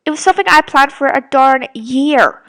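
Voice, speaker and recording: A woman's voice: sits high, expressive, moderate pace, fairly bright tone. A young woman from Britain rambling defensively about criticism of her fan audio drama, with many restarts. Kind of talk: casual rant to camera.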